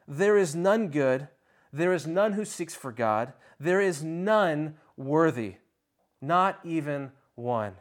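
Guy preaching a sermon, slightly high voice, big dramatic pauses, goes quiet then loud. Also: expressive. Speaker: pastor.

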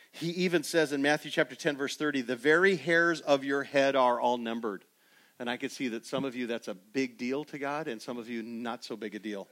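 A middle-aged man preaching a sermon as pastor, emphatic and building to loud peaks. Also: medium pitch.

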